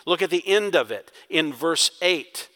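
A man preaching a sermon as pastor, emphatic, swinging from loud urging to quiet intensity. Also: on the high side, animated, a little slow, big-room sound.

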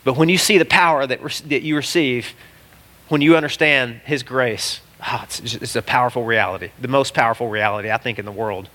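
A man preaching a sermon as a pastor, animated and exclamatory, swinging from loud cries to hushed asides. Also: mid-range voice, a little fast.

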